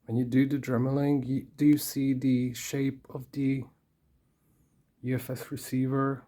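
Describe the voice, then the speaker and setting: A maker giving a casual hands-on tutorial, explaining slowly and carefully and talking to themself while working. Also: medium pitch, little pitch movement, dark tone. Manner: slow and careful, talks to self while working.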